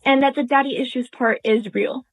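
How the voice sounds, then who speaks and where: A woman quoting, in her own voice, a strange young man who calmly claims to be an angel. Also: high voice, moderate pace, faint music behind. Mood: matter-of-fact. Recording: tinny phone-like sound.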